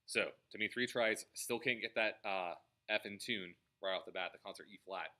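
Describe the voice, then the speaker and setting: A man's voice: on the low side, normal speed, sharp tone. A man teaching a trumpet lesson, explaining measures and singing the rhythms aloud between bits of playing. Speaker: music teacher. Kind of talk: instrument practice lesson.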